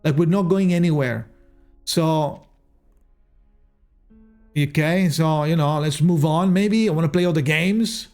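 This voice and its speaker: A man's voice: on the high side, a little slow, pauses often, a little mellow, soft background music. A male streamer chatting casually to viewers, exasperated, swearing and restarting his sentences. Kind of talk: casual live-stream chat.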